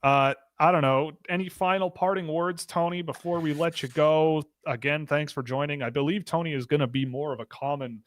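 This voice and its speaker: A man's voice: fairly high pitch, a little fast, few pauses. A man from Britain hosting a casual live stream, joking and laughing as he reads out chat questions. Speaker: podcast host.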